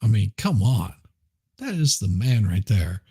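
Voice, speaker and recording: A man's voice: lowish voice, big pitch swings, unhurried, dark tone, breathy edge, no echo, clean studio sound. A man hosting a live stream, rambling casually and chuckling as he reads chat. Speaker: livestream host.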